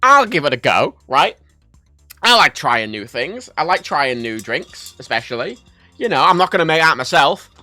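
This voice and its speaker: A man from Ireland, chatting casually on a livestream, telling stories in an animated, sweary way. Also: fairly high pitch, moderate pace, no room sound, soft background music. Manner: animated, sweary storytelling, reads chat aloud. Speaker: livestream host.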